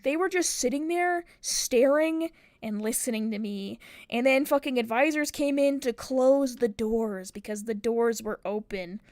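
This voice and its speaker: A woman's voice: on the high side, unhurried, a little mellow, dry recording, studio quality. A young adult woman from the United States, a streamer telling a story in a casual, rambling way, swearing a lot and leaning on fillers. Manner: profane, rambling with many fillers.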